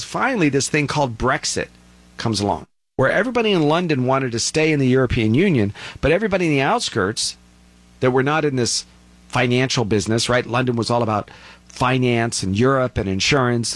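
Guy talking casually, mid pitch, acts out voices, dry close sound. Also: brisk, no echo. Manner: animated storyteller, acts out quoted voices in high pitch. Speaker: speaker giving commentary. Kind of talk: casual talk.

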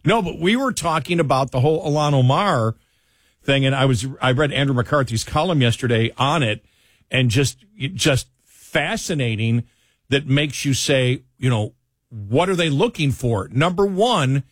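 A man's voice: mid-range voice, expressive, moderate pace, no echo, studio quality. A man hosting a talk radio show, chatting with his co-host and then reading from a newspaper column, with frequent restarts. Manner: rambling, restarts, reads a column aloud. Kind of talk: casual talk radio banter and commentary. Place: radio studio. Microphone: studio headphones and mic.

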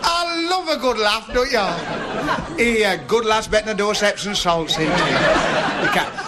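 A man's voice: high-pitched, moderate pace. A man with a Northern English accent telling rambling jokes on stage in broad dialect. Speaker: stand-up comedian. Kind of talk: stand-up joke telling. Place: live stage before an audience. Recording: noisy live recording with crowd. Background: audience laughter.

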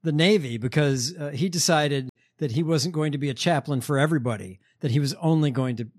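A man hosting a podcast in casual chat, halting and wry. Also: a little high, a little mellow. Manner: halting, many fillers, wry. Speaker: podcast host.

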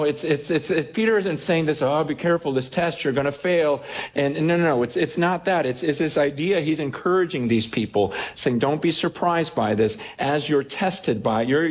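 A man preaching a sermon as a pastor, casual and animated, acting out quotes and restarting his sentences often. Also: mid-range voice. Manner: conversational, animated, with many restarts and acted-out quotes.

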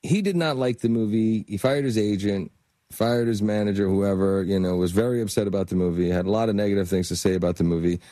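A man's voice: lowish voice, quick pace, dark tone, no room sound. A man guest on an interview, telling anecdotes animatedly, laughing and using many fillers. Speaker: actor guest. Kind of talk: casual anecdotal storytelling.

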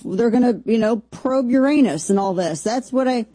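A woman hosting a commentary show, talking sarcastically and excitably and acting out mock reactions. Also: on the high side, normal speed. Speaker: show host. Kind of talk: animated commentary monologue.

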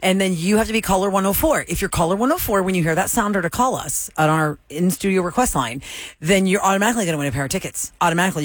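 A woman's voice: on the low side, dry recording. A woman hosting a morning radio show, chatty and upbeat as she explains a contest. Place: radio studio.

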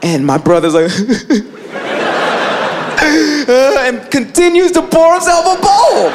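A man doing a stand-up comedy set, talking in an animated way with lots of "like" and acting out his family. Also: extremely high pitch, moderate pace. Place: comedy club stage. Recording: live club recording with crowd noise. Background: audience laughter.

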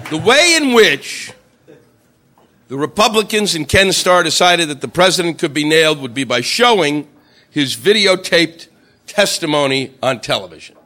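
A male stand-up comedian ranting profanely through a routine and shouting out mocking quotes. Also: on the high side, animated, normal speed.

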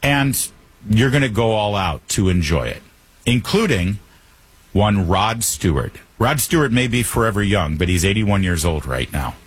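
A male talk radio host riffing through a joking monologue, wry and teasing. His low, husky voice swings widely in pitch, and the sound is dry and close. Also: lively intonation, moderate pace.

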